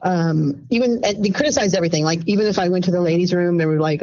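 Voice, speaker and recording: A woman in her fifties calling in anonymously, telling her story in an animated, rambling way and acting out what others said. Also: fairly low pitch, fast talker, highs cut off. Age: 50s. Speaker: anonymous caller. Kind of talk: casual storytelling.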